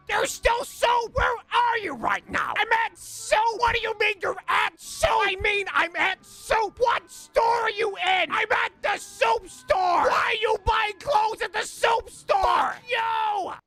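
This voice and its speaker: A man voicing squeaky high-pitched cartoon characters who bicker and shout back and forth in a comedy sketch clip. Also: creaky, heavily acted.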